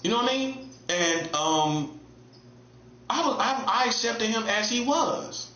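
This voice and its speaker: A man's voice: high voice, unhurried, bright, forceful tone. A man giving a casual, emphatic monologue as an online preacher, repeating himself in street slang. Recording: echoey room, dull lo-fi sound.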